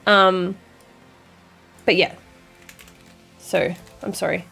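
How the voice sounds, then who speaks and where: A woman's voice: fairly low pitch, fairly even intonation, extremely slow, gravelly, sharp tone, slightly rough, soft background music. A young woman streamer chatting casually with her viewers and reading chat aloud, with a dry, sarcastic sense of humor and sassy banter.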